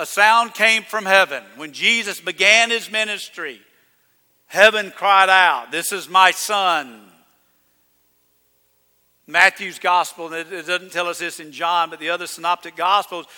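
A man preaching a sermon as pastor, emphatic, rising to loud declarations. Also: sits high. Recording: reverberant church hall.

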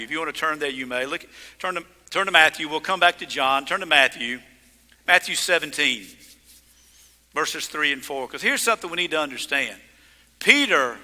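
Man, pastor, emphatic sermon, very bright tone, long hall reverb. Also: a little high. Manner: emphatic preaching, swinging from loud to hushed.

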